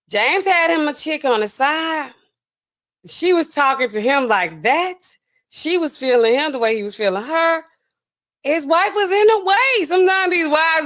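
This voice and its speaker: A woman pharmacist hosting a casual livestream and talking to her chat in an animated, chatty way full of fillers. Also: high voice.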